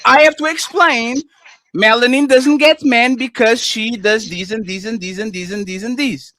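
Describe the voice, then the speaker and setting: High-voiced insistent man lecturing a guest. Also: steady tone, normal speed, sharp tone, no echo. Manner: insistent, repeats "sir" to cut in, lecturing; speaks English as a second language. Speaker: co-host of live panel show. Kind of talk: heated live-stream debate.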